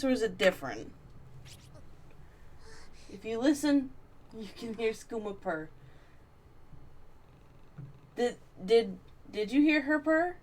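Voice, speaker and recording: A woman streaming a horror game live, chatting and cooing affectionately to her cat between reading passages. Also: mid-range voice.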